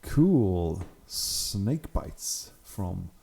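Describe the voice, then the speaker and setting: Chatty man with a very dark voice. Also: deep voice, very animated, drawn-out words, creaky. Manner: chatty, enthusiastic, laughs often. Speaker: channel host. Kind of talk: casual commentary on hobby photos.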